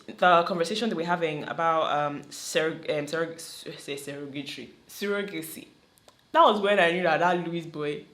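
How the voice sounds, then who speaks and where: A woman with a Nigerian accent giving animated, opinionated commentary on a reality show, slipping into Pidgin. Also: fairly low pitch. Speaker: vlogger reacting to a reality show. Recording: roomy echo.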